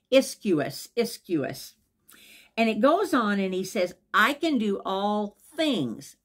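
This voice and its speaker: Enthusiastic woman preaching a devotional. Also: medium pitch. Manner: enthusiastic, emphatic, repeats key phrases. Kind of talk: devotional sermon.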